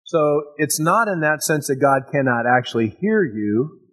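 A man's voice: on the high side, lively intonation, a little slow, poor audio. A man preaching a sermon in an enthusiastic, conversational way, often restarting his phrases.

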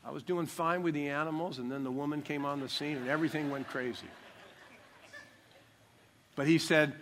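A man's voice: mid-range voice, brisk, fairly bright tone, slight background noise. An older man preaching a sermon as pastor, emphatic and joking, stressing key words.

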